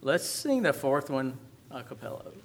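A man leading a church service, making relaxed, joking announcements before calling out the hymn numbers. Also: medium pitch, normal speed, background noise. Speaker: worship leader. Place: church sanctuary.

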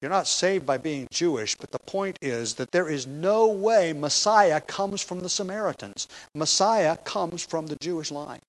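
A man with a slightly raised pitch delivers an expository sermon. He explains the passage line by line, stressing key words emphatically and stumbling now and then with fillers and restarts. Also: expressive, measured pace, hardly any pauses, poor audio. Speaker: preacher.

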